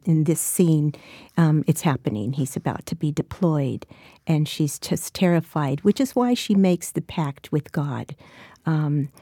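Mellow reflective woman author in her 60s. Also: sits low, no echo, studio quality. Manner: reflective, halting, with frequent restarts. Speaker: author and guest. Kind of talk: interview conversation and reading.

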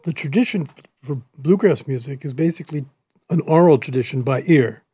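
A man explains how he learned his music in a thoughtful, explanatory way. His voice is mellow and a little high, and it sounds dry and close to the mic. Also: brisk, breathy edge, no echo. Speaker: band musician. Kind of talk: interview answer.

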